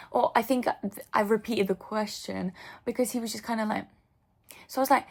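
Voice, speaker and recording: A woman's voice: a little high, normal speed, creaky, long pauses. A young woman vlogging in a casual, gushing way, full of "like" and fond asides. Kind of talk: casual chat.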